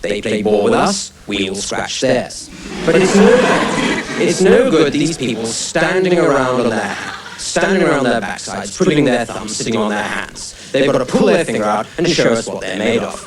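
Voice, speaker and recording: A man's voice: mid-range voice, very animated, normal speed, heavy background noise, natural voice. A man voicing a pompous, blustering old male Tory politician with a posh Home Counties accent who drops his R's, as a stand-up bit in a roomy studio with an audience. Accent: posh Home Counties English. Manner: self-important, blustering. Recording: roomy TV studio stage, distant mic. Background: studio audience laughing.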